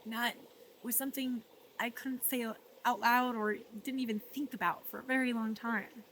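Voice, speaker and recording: A woman talking earnestly in a personal vlog, emotional and reflective, often dropping softly and laughing between thoughts. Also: fairly high pitch, fairly even intonation, moderate pace, a little hiss or hum. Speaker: vlogger. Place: art residency.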